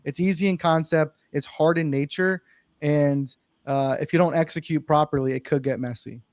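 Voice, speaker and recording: A man's voice: fairly high pitch, steady tone, normal speed, no room sound. Earnest young man telling a story. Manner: earnest, emphatic, swears it's true. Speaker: podcast guest, real estate investor. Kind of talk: casual interview storytelling.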